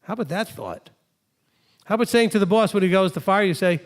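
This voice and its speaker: A man, a rabbi, teaching a congregation and acting out imagined conversations in a lively preaching style. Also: sits high, fast talker. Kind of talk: sermon-style teaching with acted dialogue.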